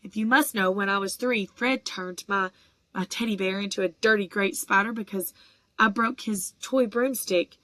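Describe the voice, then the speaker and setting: A blunt, jumpy teenage schoolboy with a gruff manner, read by a woman. The voice sits at a middle pitch, recorded dry and close. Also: normal speed, fairly bright tone, no room sound, natural voice.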